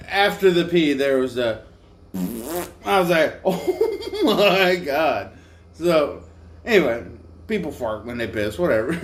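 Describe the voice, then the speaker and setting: A man's voice: on the high side, slight background noise. Tired, profane man telling a road story. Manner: crude, profane, self-mocking storyteller. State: tired from little sleep. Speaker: motorcycle travel vlogger. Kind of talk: casual storytelling.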